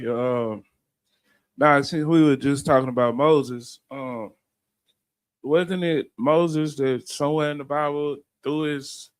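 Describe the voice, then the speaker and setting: Man asking hesitant questions, smooth voice. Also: mid-range voice. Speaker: study group member asking questions.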